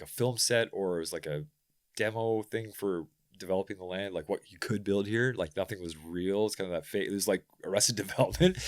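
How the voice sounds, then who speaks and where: A man from rural Ontario, a podcast guest telling animated, rambling stories in casual chat. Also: low-pitched. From rural Ontario, Canada. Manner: animated storyteller, rambling with restarts. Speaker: podcast guest, bike mechanic.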